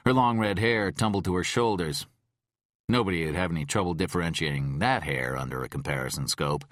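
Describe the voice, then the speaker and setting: A man narrating a thriller audiobook in a measured, expressive read. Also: deep voice, dry recording, studio quality. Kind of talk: scripted narration.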